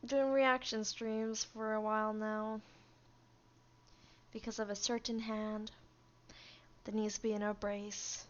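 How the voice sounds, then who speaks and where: A woman's voice: mid-range voice, little pitch movement, takes it slowly, long pauses, lo-fi sound. A woman streamer chatting casually on a live stream, rambling and easily amused.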